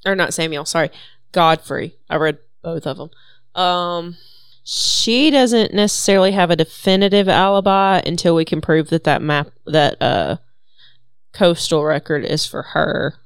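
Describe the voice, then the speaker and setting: Young woman, low smooth voice, dry close sound, wry game-night banter. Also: measured pace, no room sound. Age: 20s. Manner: jokey, wry, plays with silly voices. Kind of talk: casual group chat.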